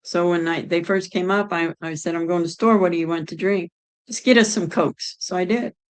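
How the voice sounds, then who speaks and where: Middle-aged woman from Ohio, casual streamer, rambling chat, low-pitched. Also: steady tone, fairly quick, clear, resonant tone, rough recording. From Ohio, United States. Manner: chatty, rambling, answers chat aloud. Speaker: streamer chatting with viewers.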